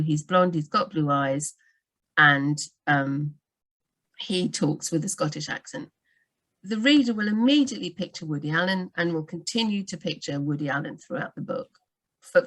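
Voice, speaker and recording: A book doctor hosts a live writing Q&A over video call, and her voice sits on the low side. She's animated, constantly tossing in quick asides and restarting her thoughts.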